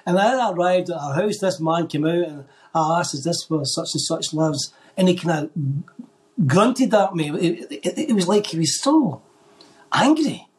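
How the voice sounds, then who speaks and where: A man with a notably high voice speaks as a guest on a faith podcast. He tells his story with energy and acts out the people he quotes. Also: expressive, moderate pace. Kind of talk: telling a faith testimony in conversation.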